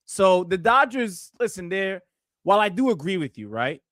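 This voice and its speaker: A man's voice: high-pitched, big pitch swings, normal speed, a bit bright, no room sound, studio quality. A man co-hosting a casual sports podcast, chatty, asking questions and laughing often. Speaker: podcast co-host.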